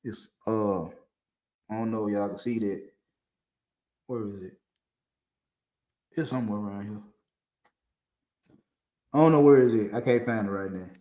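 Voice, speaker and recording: A man's voice: fairly low pitch, unhurried, pauses often, mellow. A man hosting a talk stream, telling a personal story in a loose, rambling way with restarts, from a dim room. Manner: loose, conversational, with frequent restarts and laughs. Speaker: podcast host. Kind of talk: casual storytelling to camera. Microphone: streaming setup mic.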